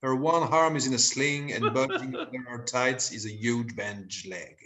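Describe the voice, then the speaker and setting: A man's voice: medium pitch, moderate pace, pushed and bright. A man reading stage directions aloud in a plain, amused manner in an amateur play reading.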